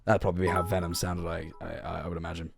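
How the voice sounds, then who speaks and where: A young man streaming reaction commentary, casual and sweary, breaking into loud excited outbursts. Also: low voice, quick pace, vocal fry, soft background music.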